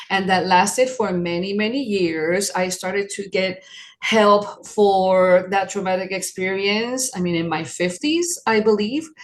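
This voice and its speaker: A woman around sixty from New York City, sharing her personal story as an interview guest, earnest and reflective. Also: medium pitch.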